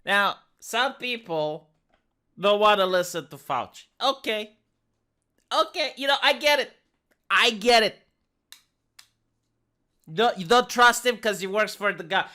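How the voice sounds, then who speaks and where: Brief: mocking comedy commentator, man with a Romanian accent, high-pitched. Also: animated, measured pace, long pauses, pushed and bright. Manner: mocking, sarcastic. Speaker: commentary host.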